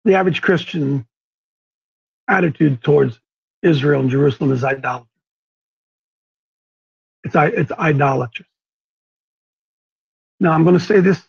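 A man's voice: on the high side, moderate pace, gravelly, pauses often, husky, highs cut off. A man hosting and preaching to a small live group, fiery and emphatic, repeating key words for force. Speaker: show host and preacher.

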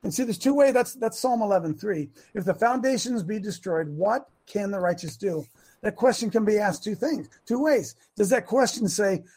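A man hosting a talk show, giving a folksy, preachy monologue with many restarts that builds to shouting. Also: high voice, animated, normal speed, breathy edge. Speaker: host.

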